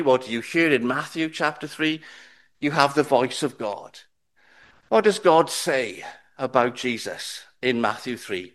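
A middle-aged man preaching a sermon to his congregation, slow and deliberate, asking rhetorical questions. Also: on the high side, fairly bright tone. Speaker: pastor.

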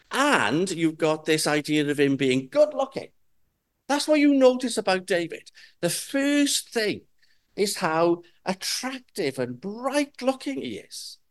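A man preaching a sermon, speaking slowly and emphatically and asking his listeners rhetorical questions. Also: sits high, fairly bright tone.

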